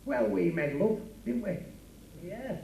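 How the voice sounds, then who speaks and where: Blustering Yorkshire club comic. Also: male voice, sits high, expressive, slow, creaky, dark tone, a little hiss or hum. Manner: blustering, scolding straight man. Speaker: club comedy double act lead. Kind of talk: club comedy double act. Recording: roomy live club recording from far off.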